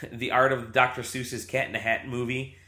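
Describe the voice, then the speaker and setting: A man's voice: medium pitch, little pitch movement, moderate pace, bright, forceful tone. A man hosting a casual podcast, laughing often and rambling through restarts. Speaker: podcast host.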